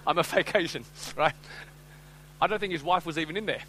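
A man giving a humorous talk, drawing the audience in with call-and-response bits. His voice sits high and sounds bright and forceful. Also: normal speed, slight background noise, low-quality recording. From Australia. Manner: animated, joking, coaxes audience to join in. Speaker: speaker.

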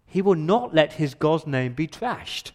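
A man's voice: on the high side, big pitch swings, a little slow, darkish tone. A male pastor preaching an earnest, emphatic sermon in a church, often repeating words as he builds his point.

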